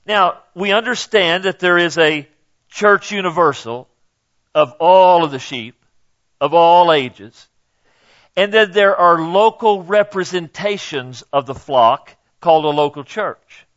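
A man's voice: high-pitched, slow pace, a bit bright, dull audio. An older man preaching a sermon in a folksy, conversational way, speaking directly to the congregation. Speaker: pastor.

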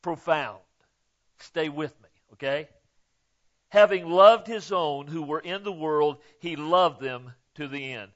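Slow, emphatic preacher with a higher voice. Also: male voice, lo-fi sound. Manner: folksy and emphatic, punctuating with "okay?"; swings from quiet asides to loud emphatic peaks. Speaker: pastor. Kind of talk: sermon.

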